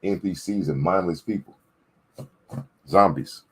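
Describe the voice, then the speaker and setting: A man's voice: low-pitched, a little slow, husky. A man giving a preachy political rant with emphatic repetition, often checking in with his listeners. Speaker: political commentator. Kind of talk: ranting commentary.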